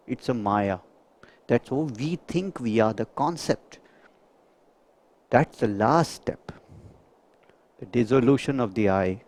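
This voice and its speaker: A man's voice: mid-range voice, darkish tone, no room sound. A man giving a reflective spiritual talk to a group, asking rhetorical questions. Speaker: spiritual speaker.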